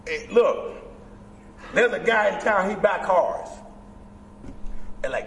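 A man with a high voice that leaps all over the place, preaching his story to a crowd with emphatic bursts. He is heard from far off in an echoey convention hall with a long reverb tail. Faint room ambience hums behind him. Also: animated, takes it slowly, long pauses, a bit bright, slight background noise. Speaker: guest speaker at a recovery convention. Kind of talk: impassioned speaker share. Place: large indoor convention hall.

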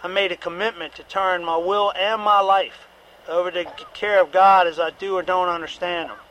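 A man's voice: high voice, steady tone, moderate pace, sharp tone, a little hiss or hum, low-quality recording. A middle-aged man giving a candid, repetitive personal testimony at a recovery meeting, with occasional profanity.

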